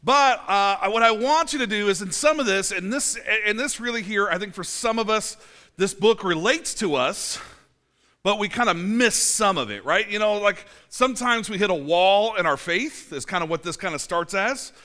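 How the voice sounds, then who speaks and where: A man's voice: sits high, animated, normal speed, pushed and bright. A man in his forties, a pastor preaching a casual sermon in a church, chatty, with many fillers and restarts and dry self-mocking asides. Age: 40s. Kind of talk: conversational sermon.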